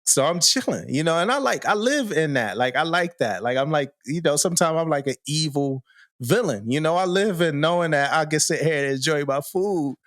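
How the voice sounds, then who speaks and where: A man's voice: fairly high pitch, lively intonation, brisk, a bit bright, no room sound, studio quality. Laid-back slangy man telling a story. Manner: laid-back, slangy, lots of "you know what I mean", laughs while telling. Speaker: podcast co-host. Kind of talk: casual storytelling chat.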